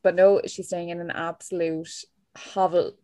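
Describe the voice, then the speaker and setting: Lower-voiced woman, dry sound. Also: level tone, moderate pace, mellow, no room sound. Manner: chatty book summary, full of "like". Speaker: podcast co-host. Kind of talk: casual chat.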